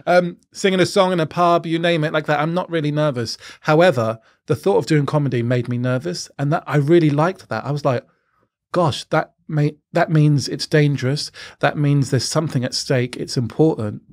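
A man's voice: a little high, moderate pace. A young adult man with an Irish accent, chatting as a comedian guest in a camp, cheeky, giggly way. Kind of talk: casual interview chat.

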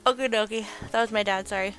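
A woman's voice: mid-range voice, steady tone, quick pace, fairly bright tone, faint music behind. A young woman giving casual, rambling let's-play commentary while she builds, chatting and laughing at herself. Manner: chatty, rambling, self-deprecating, laughs often.

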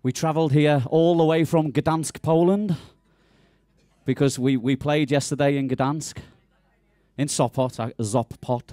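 A man's voice: a little high, fairly even intonation, measured pace, mellow, no room sound, clean studio sound. A man with a Liverpool accent joking with the crowd and his bandmate between songs at a live venue, on a stage mic. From England. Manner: jokey, teasing. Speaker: band member. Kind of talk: onstage banter between songs. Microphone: stage vocal mic.

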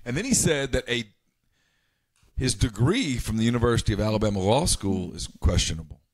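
A man co-hosting a casual sports podcast, talking insistently and jumping up in pitch when he gets worked up. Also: brisk, no echo. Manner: animated, insistent, pitch jumps when excited. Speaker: podcast co-host.

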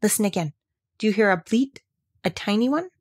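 A woman reading aloud and voicing a brisk, curious young girl with a bright, urging way of talking. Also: medium pitch, expressive, breathy edge, dry recording, studio quality. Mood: eager.

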